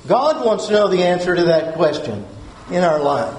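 A man's voice: sits high, sing-song, normal speed, darkish tone. A man preaching a sermon, earnest, repeating key phrases and asking his listeners questions. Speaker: pastor. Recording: roomy echo.

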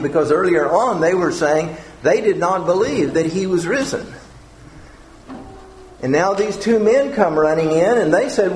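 A man's voice: on the high side, slight background noise. Man teaching the Bible in an echoey room. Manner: conversational, with lively retelling.

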